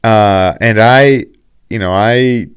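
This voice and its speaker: A man doing a calm, easygoing veteran fighter. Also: fairly low pitch, takes it slowly, clear, resonant tone. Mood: reassuring. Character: calm, good-natured older male fighter.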